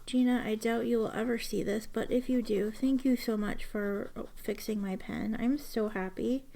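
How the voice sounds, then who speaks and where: A young woman talking casually and gushing with delight. Her voice sits a little high and carries plenty of gravelly fry. She often sinks into soft, half-whispered asides. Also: normal speed. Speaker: fountain pen vlogger. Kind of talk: casual chat while writing.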